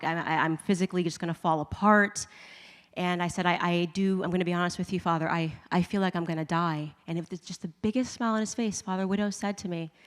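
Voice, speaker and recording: A woman with a lowish, slightly bright voice gives a humorous conversion testimony to a live audience in a large event hall, laughing often and acting out her own thoughts. She's an adult with a husband and kids, and the live recording carries long hall reverb.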